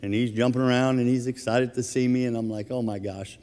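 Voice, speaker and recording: A man preaching a sermon as minister of his church, telling a funny everyday story in a relaxed, conversational way. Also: mid-range voice, fast, in a large hall. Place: church sanctuary.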